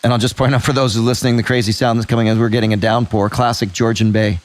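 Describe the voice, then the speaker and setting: A man's voice: mid-range voice, flat delivery. A middle-aged man from Canada hosting a podcast and asking questions in a casual, conversational way. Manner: conversational, quick asides. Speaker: podcast host. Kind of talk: casual interview chat.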